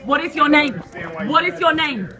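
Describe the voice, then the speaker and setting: A woman confronting people at a public meeting, repeating accusations, shouting and laughing sarcastically. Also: high voice, lively intonation, moderate pace. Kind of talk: heated street confrontation.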